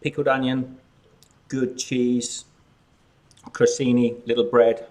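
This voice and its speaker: A man's voice: mid-range voice, flat delivery, slow, darkish tone. Chatty Australian man hosting a live chat. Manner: chatty, outgoing, talks while snacking. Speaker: cooking channel host.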